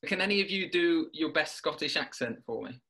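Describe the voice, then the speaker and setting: A man's voice: on the high side, lively intonation, a little fast, bright, forceful tone. A man interviewing a guest, often repeating words as he restarts and chuckling between questions. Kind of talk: warm-up interview chat.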